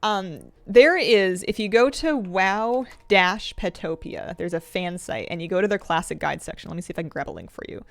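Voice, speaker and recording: A woman's voice: lowish voice, no room sound. A woman streamer chatting casually while playing, thinking aloud and laughing often. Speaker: game streamer. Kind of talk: casual gameplay commentary.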